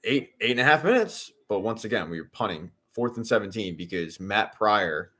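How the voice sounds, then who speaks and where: Deep-voiced exasperated male sports streamer. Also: very animated, normal speed. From Philadelphia area. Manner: exasperated, loud outbursts at bad plays. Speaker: streamer hosting a football watch-along. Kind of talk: casual live-stream commentary.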